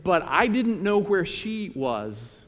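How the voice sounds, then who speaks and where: Animated preacher in a reverberant hall. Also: male voice, high-pitched, slow pace. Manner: storytelling, animated retelling of scripture. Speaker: pastor. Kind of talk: sermon.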